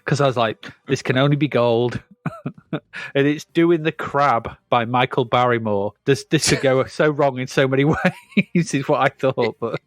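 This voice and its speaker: A man's voice: medium pitch, measured pace, no echo. A man co-hosting a retro games podcast, chatting casually with dry humour and frequent laughs. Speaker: podcast co-host. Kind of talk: casual chat.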